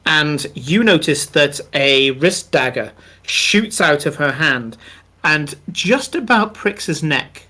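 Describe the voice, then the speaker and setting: A man running a tabletop game, narrating scenes in a slow, unhurried way. His voice is bright and sits a bit high for a man, and he fills pauses with plenty of ums and uhs. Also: expressive. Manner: descriptive, unhurried, many fillers. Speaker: game master.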